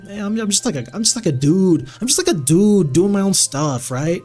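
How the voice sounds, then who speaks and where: A man's voice: high voice, expressive, a little fast, a little mellow, faint music behind, pitched above the performer's own voice. A man voicing a swaggering tough street guy with slangy speech full of "man" and "like". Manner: slangy, "man" and "like" in every phrase.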